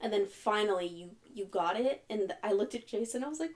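A woman's voice: medium pitch, lively intonation, a little fast, a little mellow. A young woman in her twenties co-hosting a podcast, chatting eagerly and backing up the others. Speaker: podcast co-host. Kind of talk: casual podcast chat.

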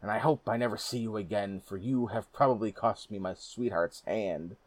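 A man's voice: on the low side, normal speed, no echo, natural voice. A man voicing a blunt, impatient young rider in a storybook reading. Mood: exasperated. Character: young man riding home, stubborn and impatient.

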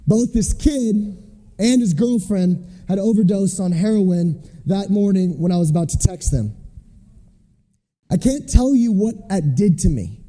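This time the missionary preacher's high-sitting voice has a dark tone. He relates his sermon conversationally, performing the voices of those he quotes, with a large hall's long reverb around him.

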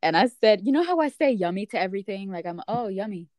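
In clean studio sound with no echo, a woman with a mid-range voice speaks fast. She's in casual chat with a friend, bringing her stories to life by acting out what people said and texted.

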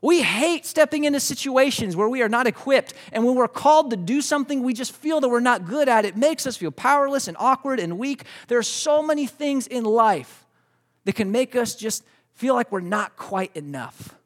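A man's voice: very high voice, lively intonation, normal speed. A man pastor preaching a Sunday morning sermon in a conversational, storytelling way, often restarting his words and speaking directly to the congregation.

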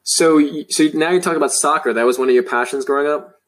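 A man's voice: a little high, fast. A man hosting an interview, asking questions in an encouraging way and often repeating "wow". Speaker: host.

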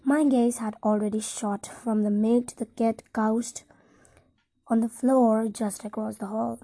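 A woman narrating a first-person audiobook in a soft, close reading. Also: a little high, fairly even intonation, unhurried, no room sound.

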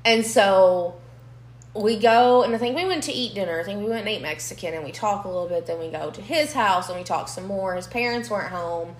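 A woman's voice: medium pitch, brisk. Young woman, podcast co-host, blunt and profane storyteller; roomy echo on the mic. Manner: blunt, swears freely, animated storytelling. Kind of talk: casual storytelling chat. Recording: echoey room.

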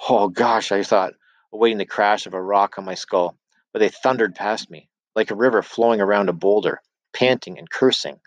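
Low-voiced man narrating a story. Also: normal speed, no echo, highs cut off. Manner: steady storytelling with voiced dialogue. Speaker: audiobook narrator. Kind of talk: scripted narration.

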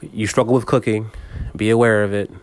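A man's voice: on the low side, little pitch movement, brisk, smooth, no echo. A man giving a reflective motivational monologue, speaking straight to the listener with frequent repetitions and stammered restarts.

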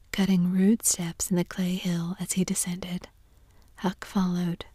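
A woman reads a story in a soft, breathy whisper as a whispered role-play. Her tone is mellow and dark, and the sound is very close and dry. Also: on the low side, dry recording. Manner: soft, even whispered reading.

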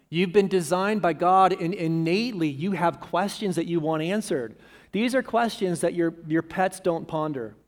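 A man, a pastor, preaching a sermon emphatically, repeating key phrases to drive them home. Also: sits high.

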